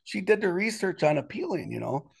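A man with a creaky, breathy-edged voice tells a personal story as an interview guest. He's casual and rambling, with many restarts and "you know"s, and his pitch jumps suddenly when he gets indignant.

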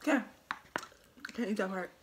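A young woman filming a casual eating-challenge vlog, complaining loudly and laughing about the burning heat. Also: mid-range voice, moderate pace, noisy background. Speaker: vlogger.

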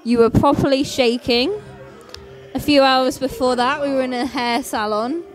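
A woman's voice: sits high, steady tone, moderate pace, faint music behind. A woman, a maid of honour chatting to a wedding video booth, teasing, gushing and laughing. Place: wedding reception with music.

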